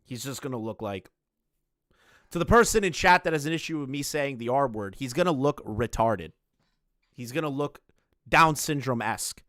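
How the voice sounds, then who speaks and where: A man's voice: mid-range voice, animated, normal speed, fairly bright tone, no room sound, clean studio sound. A man giving sarcastic, mocking reaction commentary, swearing freely as he reacts to a video. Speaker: reaction streamer.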